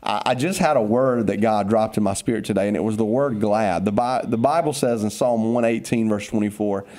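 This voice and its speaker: A man's voice: fairly low pitch, fairly quick, darkish tone. A man, a pastor giving a casual, upbeat devotional talk on a podcast, teasing his co-host, then turning earnest.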